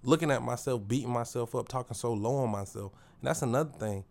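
Man, podcast host, motivational monologue, preachy, slangy, repeats himself for emphasis, mid-pitched voice. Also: fast, gravelly, a little mellow.

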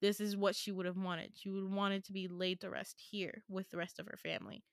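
A woman's voice: mid-range voice, flat delivery, brisk, no echo, studio quality, natural voice. A woman quoting a distraught young man in her story, with agitated, repeated questions and her own voice barely changed. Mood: pleading.

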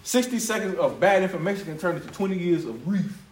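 A man preaching a conversational sermon, lively and quick to laugh, acting out the voices he quotes. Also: high voice. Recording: roomy echo from a distance, faint ambience.

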